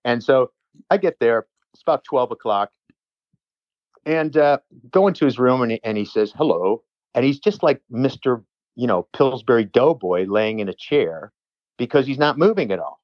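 A man's voice: mid-range voice, lively intonation, normal speed, no echo, highs cut off. A man, a personal trainer, telling a long rambling story in casual chat with many restarts and asides.

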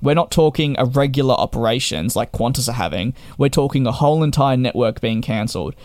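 Young aussie guy venting about a bad customer service run-in, sarcastic and fed up, mid pitch, dry sound. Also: expressive, brisk, a little mellow, no room sound. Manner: exasperated and sarcastic, with repeated restarts. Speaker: travel vlogger. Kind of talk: storytime rant to camera.

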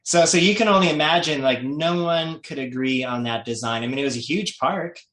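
A man talking casually as a podcast guest, telling animated stories, repeating words and laughing often. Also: on the high side, a little fast, echoey room. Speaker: guest, skateboarder and skatepark designer.

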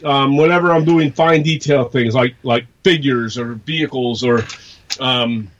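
A man's voice: medium pitch, unhurried, highs cut off. North american guy on a podcast, casual, kinda hesitant, lots of ums. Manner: hesitant, many fillers and restarts. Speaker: podcast co-host. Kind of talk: casual chat.

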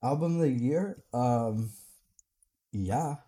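A man co-hosting a podcast in casual chat, relaxed and a little hesitant. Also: mid-range voice, takes it slowly, breathy edge. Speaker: podcast co-host.

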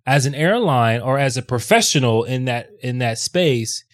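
A man telling a story in casual conversation, animated and often quoting others in a lowered, quieter voice. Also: normal speed. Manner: animated, quotes people in a lowered voice.

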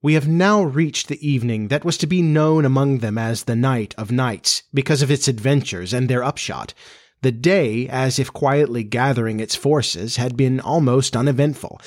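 A man's voice: mid-range voice, a little mellow, no echo, studio quality. Man reading a storybook aloud. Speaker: narrator. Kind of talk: storybook audiobook narration.

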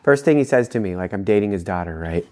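A man's voice: lowish voice, animated, fast, darkish tone. A young adult man co-hosting a casual chat podcast, telling rambling stories and laughing often. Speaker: podcast co-host.

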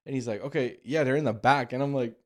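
Animated young man telling stories. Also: medium pitch, quick pace. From Las Vegas. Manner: animated storyteller, swears freely. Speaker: podcast host. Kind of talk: casual chat.

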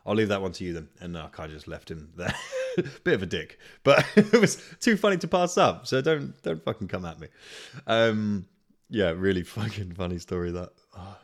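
A man with a very low voice hosts a podcast, telling a story in a loose, rambling way. He swears freely, stumbles through fillers and chuckles at his own tale. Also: very animated, normal speed. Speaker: podcast host. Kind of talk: casual storytelling monologue.

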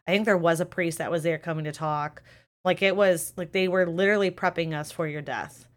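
A young woman hosts a casual podcast, speaking in a fairly low voice. She tells family stories candidly, with plenty of emotion and casual swearing. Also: fairly even intonation, a little fast. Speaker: podcast host. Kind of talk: casual chat. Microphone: webcam or desk mic on a live stream.

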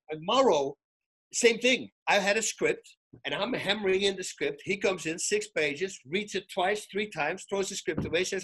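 A man, a retired fighter turned commentator, telling animated stories as a podcast guest and acting out the dialogue. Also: sits high, moderate pace, husky. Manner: excitable, acts out quoted dialogue, frequent restarts. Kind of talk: animated storytelling in casual chat.

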